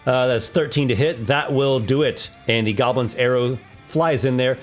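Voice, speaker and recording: A man's voice: mid-range voice, normal speed, soft background music. A man hosting a tabletop monster battle, narrating with enthusiasm and thinking aloud over the dice rolls. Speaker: host running a monster battle. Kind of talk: narrating a tabletop combat simulation.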